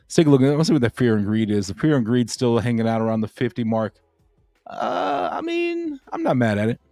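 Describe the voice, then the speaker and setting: A man's voice: mid-range voice, quick pace, warm tone, dry recording, soft background music. A man hosting a crypto livestream, chatting casually and rambling with lots of fillers and repeated phrases.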